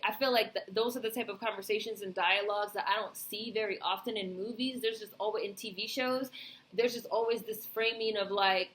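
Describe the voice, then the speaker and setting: A woman's voice: medium pitch, steady tone, brisk, a bit bright. A woman vlogger giving a casual, rambling film review, heavy on fillers and swearing.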